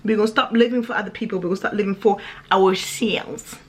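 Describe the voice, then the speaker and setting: A woman's voice: mid-range voice, quick pace. A woman talking straight to camera in a casual vlog, sassy and emphatic, stacking up repeated phrases. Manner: sassy and emphatic, lively repetitions. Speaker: vlogger.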